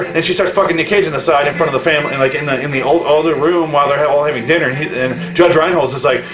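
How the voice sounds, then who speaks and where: A man's voice: on the high side, very fast, hardly any pauses, over music. A man reviewing a movie in a furious rant, swearing constantly and bluntly listing everything he hated. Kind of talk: angry profane rant.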